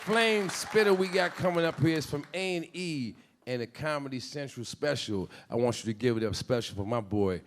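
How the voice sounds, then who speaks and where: A man's voice: mid-range voice, lively intonation, normal speed. A man emceeing at a comedy club, hyping up the next comic. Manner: hype-man introduction. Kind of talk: introducing a comic. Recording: distant mic with loud crowd and noise.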